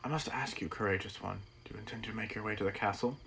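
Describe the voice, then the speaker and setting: A man's voice: lowish voice, quick pace, vocal fry, a bit bright, a little hiss or hum, low-quality recording. A man doing a theatrical old man. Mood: grave, measured. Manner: reading game dialogue aloud in a put-on accent. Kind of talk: reading game text aloud.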